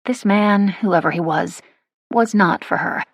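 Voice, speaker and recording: A woman narrating a romance audiobook in a measured, wry storytelling manner. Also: medium pitch, no echo, studio quality. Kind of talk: scripted narration.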